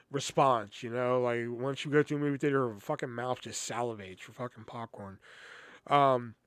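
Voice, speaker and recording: A young man with a medium-pitched voice hosts a podcast, heard in studio quality with no echo. He tells rambling personal stories in a casual, exasperated way, swearing plenty.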